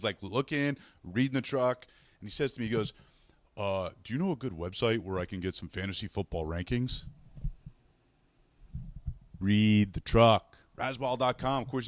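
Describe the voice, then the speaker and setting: A lower-voiced Canadian man hosts a fantasy sports show from a hotel room. He tells road stories in a loose, chatty way and acts out the people he met along the way. The sound is dry and close, with almost no room in it. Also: no echo. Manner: chatty, animated storyteller, acts out quoted people. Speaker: fantasy sports radio host. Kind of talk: casual solo show, storytelling.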